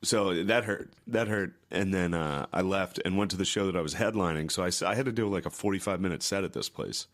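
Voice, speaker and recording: Deep-voiced profane comedian telling stories. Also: male voice, a little fast, few pauses. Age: 30s. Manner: profane, rambling storytelling. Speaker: stand-up comedian and podcast host. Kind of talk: casual podcast chat.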